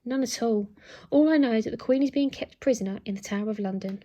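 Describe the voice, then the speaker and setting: A woman reading aloud, voicing a no-nonsense elderly nanny in a children's storybook, brisk and scolding. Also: on the high side, mellow, close to an everyday voice. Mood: firm.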